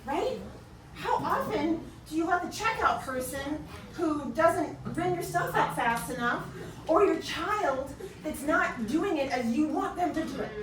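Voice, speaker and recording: A high-voiced woman delivers a lively keynote talk, telling stories and acting out the people in them. She is recorded from a distance in a very echoey hall with clear background noise. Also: a little slow. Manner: animated storytelling, acts out other people's lines. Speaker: keynote speaker. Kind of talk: motivational talk to a live audience. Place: large conference room.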